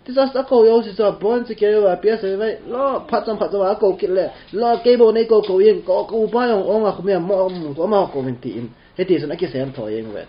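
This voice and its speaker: Fast-talking male interpreter. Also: sits high. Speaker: interpreter for the class. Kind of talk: rapid spoken translation. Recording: dull lo-fi sound with faint room noise.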